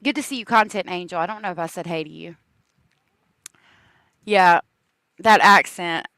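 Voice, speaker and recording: A woman's voice: on the low side, moderate pace, pushed and bright, dry recording. A woman hosting a casual true crime livestream, chatting with viewers and laughing often.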